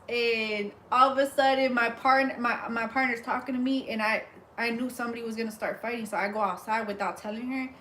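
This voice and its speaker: Animated woman telling stories on a livestream. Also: a little high, a little hiss or hum. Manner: animated storyteller, laughs while talking; greets and chats with live viewers. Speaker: hair braider livestreaming. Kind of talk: casual livestream storytelling.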